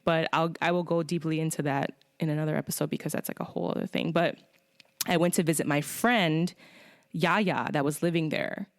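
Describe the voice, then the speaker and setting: A woman's voice: deep voice, steady tone, fairly quick, vocal fry, dry recording, studio quality. Rambling, swearing woman podcaster. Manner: rambling, profane, with many fillers. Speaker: podcast host. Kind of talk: casual chat.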